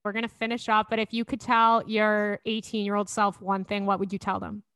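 A woman's voice: medium pitch, flat delivery, fairly quick, a bit bright, clean tone, no room sound. A young adult woman hosting a podcast in casual chat, a chatty storyteller who giggles often. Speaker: podcast host.

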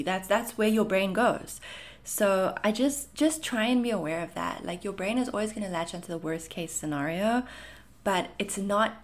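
Chatty woman with a mixed South African-Canadian accent. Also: medium pitch. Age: 30s. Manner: reassuring, chatty, frequent fillers. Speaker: anxiety content creator. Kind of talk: casual Q&A monologue.

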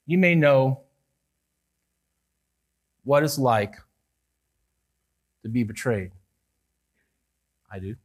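A male pastor delivering a sermon in an earnest manner, rising for emphasis and dropping low and soft at key words. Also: animated, drawn-out words, long pauses. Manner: earnest, rises and falls with emphasis, some restarts.

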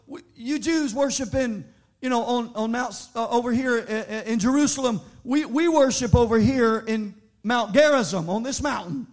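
A man preaching a sermon, moving from shouted sing-song appeals to quieter, conversational teaching with frequent restarts. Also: very high-pitched. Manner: repeats words in restarts. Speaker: pastor.

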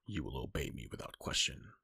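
Stern older warrior god read by a man; deep, husky, breathy and commanding. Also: big pitch swings, fairly quick, pushed and bright, dry recording, studio quality, full character voice.

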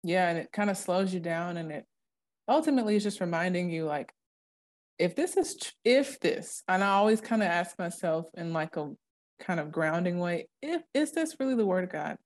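A young woman with a slightly low voice chats on a faith podcast. She talks earnestly, with plenty of casual fillers. She leans hard into the words she wants to land. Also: lively intonation, normal speed. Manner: earnest, emphatic, dramatic when quoting scripture. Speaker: podcast co-host. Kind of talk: casual Christian podcast chat.

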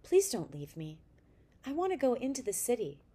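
An eager little boy, read aloud by a woman in a storybook, stubborn and insistent when he wants something. The voice lifts a bit higher than the narration, bright with want. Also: wildly swooping pitch, normal speed, husky, heavily acted. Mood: pleading.

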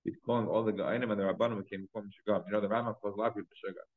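A man's voice: on the low side, steady tone, racing. A man teaching a casual Torah class, talking loosely with lots of fillers and Hebrew terms. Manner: chatty, many fillers, mixes in Hebrew and Yiddish terms. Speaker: rabbi teaching a Talmud class. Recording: dull, lo-fi class recording.

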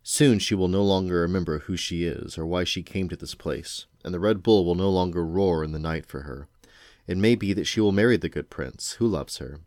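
A man voicing an aloof, sleepy male cat in a storybook, speaking slowly and cryptically. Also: sits low, darkish tone, dry recording, studio quality, close to an everyday voice. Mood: drowsy cryptic. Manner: slow, lazy and cryptic. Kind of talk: storybook read-aloud.

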